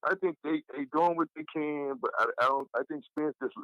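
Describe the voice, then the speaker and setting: A man from Texas with a Southern accent, calling in to chat casually, animated and repetitive, swearing freely. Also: fairly high pitch, a little fast, no echo, muffled recording. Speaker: caller.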